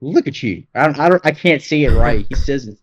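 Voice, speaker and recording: A man co-hosting a podcast, chatting excitedly about games, peppering his talk with "dude" and swearing. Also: medium pitch, quick pace, background noise. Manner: excited, profane, rambling with lots of "dude". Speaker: podcast co-host. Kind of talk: casual gaming chat.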